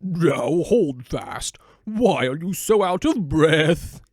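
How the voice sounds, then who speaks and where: A man voicing an old male donkey, speaking slowly and emphatically. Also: fairly high pitch, expressive, darkish tone, dry recording, studio quality. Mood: encouraging. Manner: slow, emphatic, drawn out.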